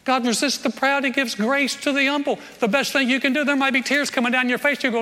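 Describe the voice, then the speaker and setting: High, bright-voiced pastor preaching in a hall. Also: male voice, fairly even intonation, quick pace, few pauses. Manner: earnest, emphatic preaching with repeated phrases. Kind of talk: sermon. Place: church service before a congregation. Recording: long reverb of a large hall.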